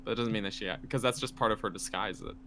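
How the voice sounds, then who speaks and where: Low-voiced man, rambling podcast chat. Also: fast, pushed and bright, a little hiss or hum. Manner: rambling, laughs often, many fillers. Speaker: podcast co-host.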